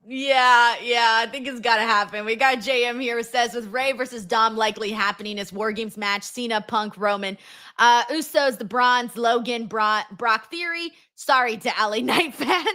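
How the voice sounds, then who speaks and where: Bright-voiced woman hosting a wrestling live stream. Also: fairly high pitch, normal speed. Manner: emotional, swears, reads chat messages aloud. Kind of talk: casual live-stream chat reading viewer comments.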